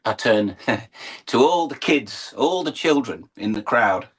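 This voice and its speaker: A man's voice: mid-range voice, lively intonation, takes it slowly, husky. A middle-aged English man, a horse and falcon showman, telling his story in an earnest, emotional interview. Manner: earnest, emotional, building to uplifting emphasis.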